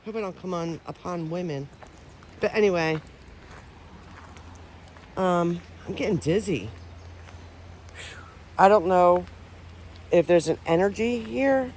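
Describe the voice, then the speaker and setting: Taking it slowly and pausing often, a woman with a voice on the low side and a darkish tone speaks over a little hiss or hum. She's a paranormal vlogger outdoors among trees, rambling loosely to the camera, unsure and often restarting sentences.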